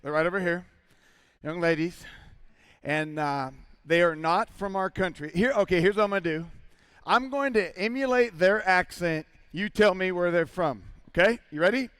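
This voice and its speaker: Playful high-voiced rodeo entertainer man. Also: fairly bright tone, smooth, no room sound. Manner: playful, teasing, quick to laugh. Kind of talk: crowd banter.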